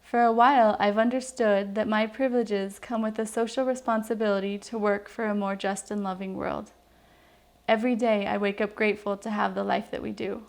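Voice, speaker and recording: A woman's voice: medium pitch, flat delivery, brisk, gravelly, darkish tone. A woman from New Mexico, around her thirties, reading a heartfelt, personal letter to her young daughter in an earnest, reflective way.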